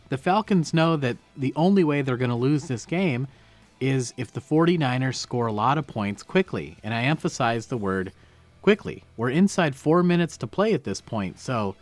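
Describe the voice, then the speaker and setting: A man's voice: medium pitch, no echo. A man breaking down football game film, explaining each play and stressing key words.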